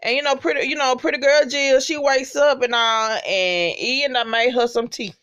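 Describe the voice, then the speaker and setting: A woman casually recapping a TV episode, swearing freely and reacting with loud disgust. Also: sits high, steady tone, normal speed, smooth. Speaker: TV recap vlogger.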